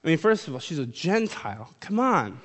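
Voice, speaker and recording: A man's voice: fairly high pitch, big pitch swings, fast. A man preaching a sermon in a casual, conversational way, reading scripture aloud and then explaining it. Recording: long hall reverb.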